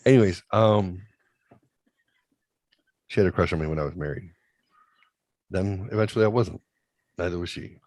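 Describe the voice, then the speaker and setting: A man with a lowish voice telling a story casually and swearing freely. His delivery is animated, jumping from loud to hushed. The sound is dry and close, with no room echo. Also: normal speed, pauses often. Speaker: podcast host.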